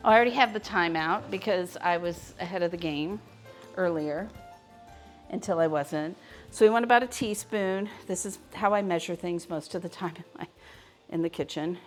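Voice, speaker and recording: A woman's voice: fairly low pitch, moderate pace, soft background music. A woman hosting a live cooking demonstration from her kitchen, chatting with her viewers as she cooks. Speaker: cooking show host. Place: home kitchen.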